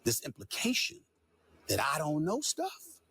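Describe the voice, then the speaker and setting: A man giving heated, emphatic commentary, declaring his points forcefully in a husky voice. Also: on the high side, huge pitch swings, unhurried. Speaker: sports commentator.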